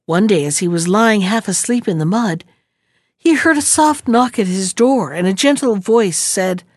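A woman narrating a children's storybook in a measured, expressive reading. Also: medium pitch, no echo, studio quality.

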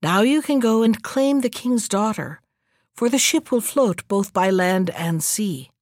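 Old holy hermit, calm and commanding; a woman reading in a dry close voice. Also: medium pitch, a little slow, dry recording, natural voice. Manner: calm, commanding, sometimes whispered.

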